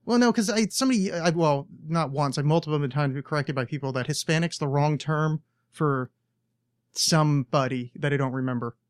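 A man's voice: a little high, fairly quick, clear, resonant tone, dry recording, clean studio sound. Rambling, profane podcast host man. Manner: rambling, profane, self-mocking. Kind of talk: casual chat.

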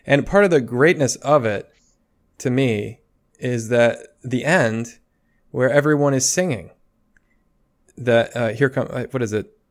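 A man's voice: mid-range voice, unhurried, long pauses. A young man co-hosting a casual podcast chat, talking in a thoughtful, rambling way with many restarts. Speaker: podcast co-host.

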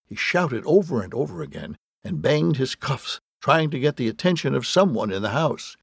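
A man doing a sardonic cuffed man, gravelly. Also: medium pitch, very animated, moderate pace, no echo, clean studio sound, heavily acted. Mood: shouting. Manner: sardonic, exasperated. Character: wry, fatalistic man handcuffed to a flagpole.

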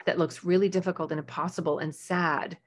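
A woman in her forties talks through parenting advice on her podcast. Her speaking voice sits a little low and is easy and conversational. When she acts out what a parent might say, her voice jumps up and brightens. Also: fairly quick. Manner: warm, chatty advice with animated, high-pitched acted-out examples.

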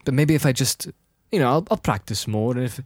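A man in casual chat, talking in halting bursts with many restarts. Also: mid-range voice, animated, breathy edge, no room sound, studio quality. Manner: halting, restarts often while practicing an accent.

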